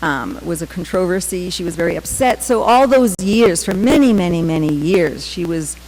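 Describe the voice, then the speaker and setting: A middle-aged woman giving a temple class, telling personal stories with many "um" pauses and acted-out quotes. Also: fairly low pitch, lively intonation, darkish tone, poor audio. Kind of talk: scripture class with personal storytelling.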